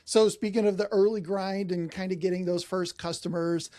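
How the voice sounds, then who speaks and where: A man's voice: sits high, steady tone, moderate pace, mellow, dry recording. A man hosting a podcast who asks questions and encourages his guest. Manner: affirming, encouraging. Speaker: podcast host. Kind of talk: interview questions.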